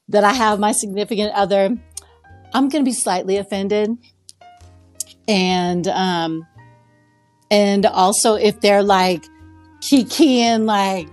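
A woman in a casual group chat, speaking hesitantly with lots of fillers. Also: medium pitch.

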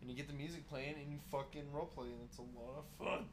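A man's voice: fairly high pitch, steady tone, quick pace. Male podcast co-host, laid-back, casual chat, swears a lot, background hiss. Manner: laid-back, swears freely, laughs often.

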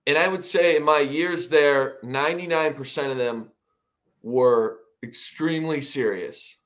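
A man's voice: fairly high pitch, measured pace. A man hosting a podcast, chatting loosely and setting up a guest's story. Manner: loose, with many fillers, leading into a guest's story. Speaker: podcast host. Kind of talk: casual chat.

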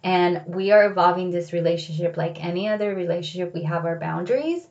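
Candid, lowish woman telling personal stories. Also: fairly quick, darkish tone, highs cut off. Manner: candid, reflective, filler-heavy with "like" and "you know". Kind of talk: personal storytelling.

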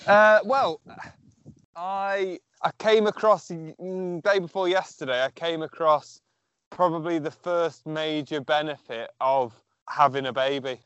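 A man's voice: a little high, steady tone, a little slow, fairly bright tone, clean tone, no room sound, muffled recording. A man co-hosting a podcast in casual chat, playful and teasing, stammering now and then. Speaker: podcast co-host.

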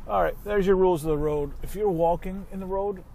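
Heated man, somewhat high voice, swearing and rambling from his car, faint road noise. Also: brisk, gravelly, mellow. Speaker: vlogger ranting while driving. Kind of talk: casual profane rant. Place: inside a car.

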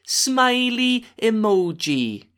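A man putting on a Swansea accent in a high, sing-song voice to read out a birthday message. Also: very animated, drawn-out words, a bit bright, heavily acted. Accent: attempted Swansea.

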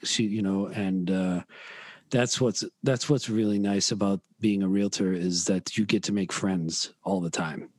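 A man's voice: sits low, fairly even intonation, measured pace, darkish tone, dry recording. A man talking in a casual podcast chat, rambling with many restarts as he describes his week. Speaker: podcast guest.

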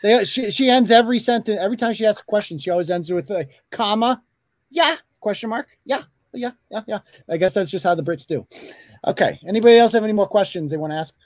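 A male host talks in a high, fairly raised voice. He rambles bluntly and swears casually. The sound is dry and close, with no room echo. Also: racing, darkish tone. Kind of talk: casual live show chat.

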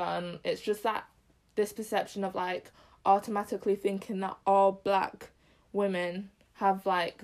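A woman's voice: mid-range voice, a little mellow. A young woman from Zimbabwe in casual chat as a podcast co-host, talking loosely with many fillers.

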